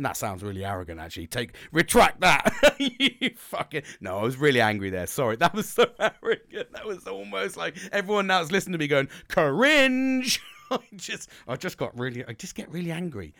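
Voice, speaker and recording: A man's voice: a little high, sing-song, fast talker, creaky, a bit bright, no room sound, studio quality. A middle-aged man, ranting in a sweary, rambling monologue with bursts of laughter. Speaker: podcast host.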